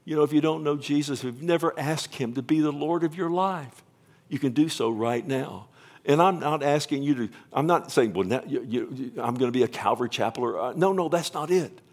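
A man in his fifties preaching a sermon, rambling with restarts, then building to loud, emotional proclamation and pleading. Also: fairly high pitch. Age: 50s. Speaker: pastor. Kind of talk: sermon with altar call.

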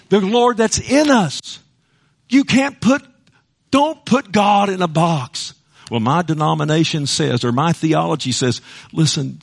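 Middle-aged man, preaching a sermon, fervent, swings soft to loud, higher voice. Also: creaky. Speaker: pastor.

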